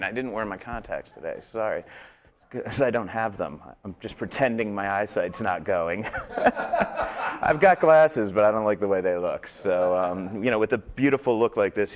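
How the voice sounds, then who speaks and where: A man's voice: lowish voice, animated, normal speed. A man hosting a studio talk show in a casual, joking manner. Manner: joking, chatty. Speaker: host.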